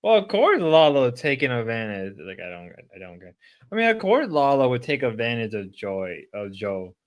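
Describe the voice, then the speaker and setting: A man streaming while sick, chatting casually and rambling, with sudden loud outbursts. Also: mid-range voice, wildly swooping pitch, normal speed.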